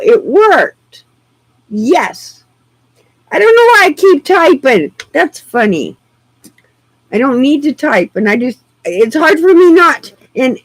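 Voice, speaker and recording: Woman, live streamer, casual rambling chat, husky voice, swooping pitch. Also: dry recording, rough recording. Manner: excitable, rambling, quick to laugh.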